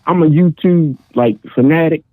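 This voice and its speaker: A man's voice: fairly high pitch, moderate pace, dry recording. A man from the US East Coast calling in to a live show, chatty and friendly, repeating "man" a lot. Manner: chatty, repeats "man" and "you know what I mean". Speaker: caller. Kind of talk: phone-in chat. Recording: tinny phone line.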